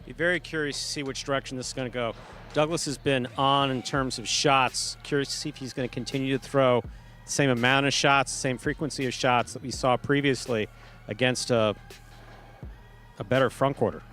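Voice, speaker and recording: A man's voice: mid-range voice, fairly even intonation, a little fast, a bit bright, soft background music. A man giving live sports color commentary, analyzing and speculating on the players' choices.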